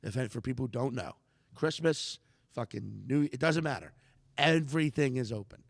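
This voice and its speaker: Gravelly man telling a story. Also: mid-range voice, moderate pace, dry recording, clean studio sound, long reverb tail. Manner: animated, swearing, acts out quoted lines. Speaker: comedian guest. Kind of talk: casual storytelling in conversation.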